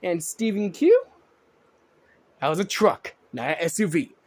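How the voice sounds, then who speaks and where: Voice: medium pitch, wildly swooping pitch, measured pace. A vlogger ranting indignantly at viewers in a profane reaction commentary.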